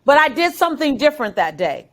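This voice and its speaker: Middle-aged woman spinning a dramatic story, lots of energy, bit high voice. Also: fast talker. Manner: animated, dramatic storytelling with acted quotes. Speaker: guest. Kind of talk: storytelling interview.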